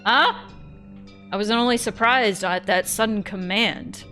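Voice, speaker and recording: A woman's voice: mid-range voice, steady tone, moderate pace, fairly bright tone, soft background music. A woman streamer narrating a visual novel in first person, reading expressively and breaking off for joking asides.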